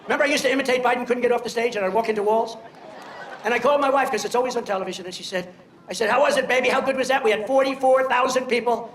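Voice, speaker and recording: A man's voice: very high-pitched, very fast, echoey room, a little hiss or hum. An older man giving a rambling, boastful speech, telling stories and mocking people.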